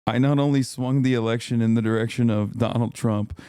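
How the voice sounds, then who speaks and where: A man's voice: mid-range voice, fairly even intonation, brisk, warm tone, clear, resonant tone, no room sound, studio quality. A man hosting a casual livestream, talking back to his chat in a profane, ranting way and laughing often. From lives in California. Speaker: livestream host.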